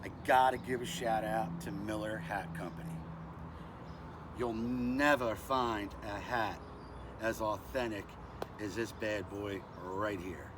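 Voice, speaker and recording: A man's voice: fairly low pitch, fairly even intonation, slow, background noise. An older man hosting a casual knife and gear review vlog, chatty and self-deprecating with lots of "uh" and "anyway.". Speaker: knife review channel host.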